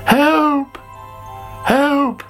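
A storyteller voicing a greedy, excitable young caterpillar in a storybook, with a high squeaky voice. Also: very slow, soft background music, full character voice. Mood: panicked. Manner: squeaky, shrill cries. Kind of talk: storybook character voice.

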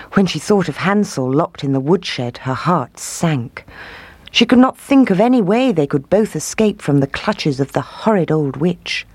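A storyteller reading a fairy tale aloud in an expressive voice. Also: medium pitch, breathy edge, no echo. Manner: expressive, shifting voices for each figure.

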